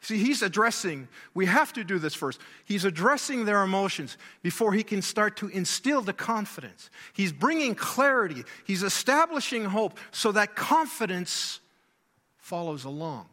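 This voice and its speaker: A man's voice: sits high, big pitch swings, normal speed, sharp tone, long reverb tail. A man preaching a sermon, emphatic, repeating key words and asking rhetorical questions.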